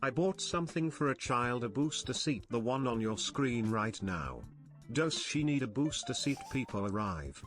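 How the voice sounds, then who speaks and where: A synthetic male text-to-speech voice reading out chat donation messages in a flat, even delivery. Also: mid-range voice, moderate pace, faint music behind.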